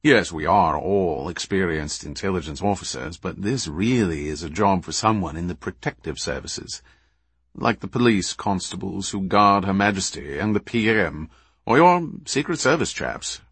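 A man's voice: low voice, lively intonation, moderate pace, a bit bright, slightly rough, no echo, exaggerated voice. A man voicing a wry British spy. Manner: dry, sardonic.

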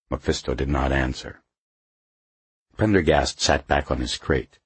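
A male audiobook narrator with a very deep, husky voice. He reads slowly and steadily. The recording is close and dry, with no room sound. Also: dry recording.

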